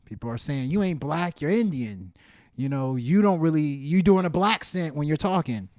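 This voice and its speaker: A man's voice: fairly high pitch, expressive, normal speed, darkish tone, no echo, clean studio sound. A man co-hosting a casual podcast, laid-back, raising questions and making sarcastic jokes. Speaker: podcast co-host. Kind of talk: casual debate chat.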